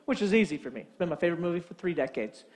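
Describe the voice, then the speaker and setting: A man's voice: fairly high pitch, animated, very fast, darkish tone. A man preaching a sermon, telling a funny story and acting out both sides of a phone call. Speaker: pastor.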